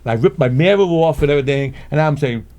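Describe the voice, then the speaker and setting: An older man spins a street story in a casual chat. His pitch swings freely as he acts out the voices of the people in it, and he chuckles often along the way. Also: expressive, fast, darkish tone. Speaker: guest storyteller.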